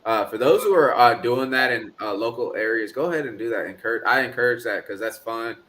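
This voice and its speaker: A livestream host chats casually in a laid-back, rambling way, drawling and dropping lots of filler "uh"s. His voice is medium in pitch, a little bright, and slightly fast.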